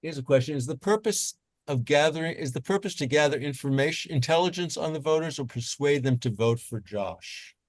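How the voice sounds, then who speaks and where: A man's voice: a little high, animated, fairly quick, no echo. A man moderating a volunteer panel, talking casually with many fillers and restarts. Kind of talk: casual online panel talk.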